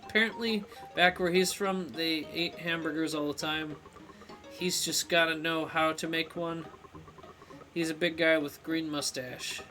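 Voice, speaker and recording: A man's voice: a little high, pushed and bright. A man streaming a video game live, chatting playfully and reading the game's text aloud as he goes.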